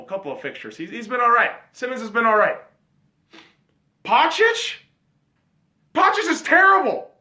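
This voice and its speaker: High, bright-voiced man ranting profanely. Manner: swears constantly, ranting and yelling. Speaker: podcast host. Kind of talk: profane sports rant.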